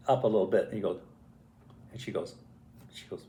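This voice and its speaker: An older man telling a family story in a casual, animated way, acting out voices and sounds as he goes. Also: on the low side, fairly quick, a little hiss or hum. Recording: roomy echo.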